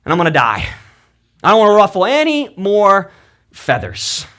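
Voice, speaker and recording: A man's voice: sits high, wildly swooping pitch, normal speed, fairly bright tone, full character voice. A man voicing Moses as a fearful runaway who talks to himself anxiously, in a plain everyday voice. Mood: resigned.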